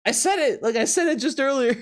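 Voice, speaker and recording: A man's voice: very high-pitched, lively intonation, normal speed. A man streaming live from his apartment, chatting casually with viewers, laughing often and reacting in disbelief while teasing his chat.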